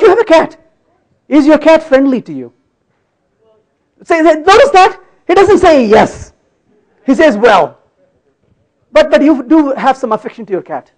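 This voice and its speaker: Man, very high voice, lively, playful conference speaker, live coding. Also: rough recording. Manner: playful, teasing the audience, asks frequent checks. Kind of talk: live-coding tech talk. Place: conference hall.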